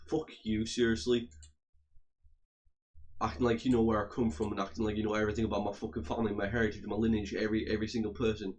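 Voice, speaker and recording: A man's voice: on the low side, flat delivery, quick pace, a little mellow. A man ranting heatedly to his audience, swearing often and repeating and restarting his phrases. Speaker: vlogger. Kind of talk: angry profane rant to camera.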